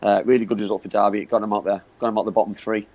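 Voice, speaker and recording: A man's voice: lowish voice, little pitch movement, rapid-fire, a little mellow, poor audio. A man giving football analysis on a live chat show, often repeating words and saying "you know what I mean". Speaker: football pundit.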